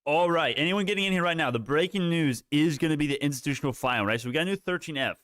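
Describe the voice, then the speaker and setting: A man hosts a live market stream, talking through price moves as they happen. He rambles, restarts sentences and swears casually. His voice is smooth and clear, with a dry, close sound and no room echo. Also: on the high side, fast, fairly bright tone. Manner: rambling, self-correcting, profane. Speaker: livestream stock market host.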